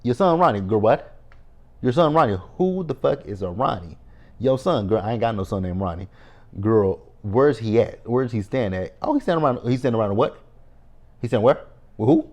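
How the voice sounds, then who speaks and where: A man voicing a frantic middle-aged mother on the phone, shrill and panicky, piling on outraged lines. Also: animated, brisk, darkish tone. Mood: panicked outrage.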